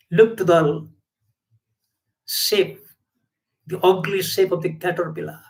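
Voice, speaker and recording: A man's voice: on the high side, poor audio. Emphatic man giving a sermon. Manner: emphatic, repetitive, rhetorical questions. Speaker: spiritual teacher.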